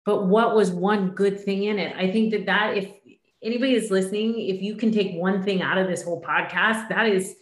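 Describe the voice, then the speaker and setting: A woman's voice: medium pitch, fairly even intonation, brisk, roomy sound. A woman in her fifties hosting a podcast, asking earnest questions and affirming her guest. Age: 50s. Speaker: podcast host. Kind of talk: interview conversation.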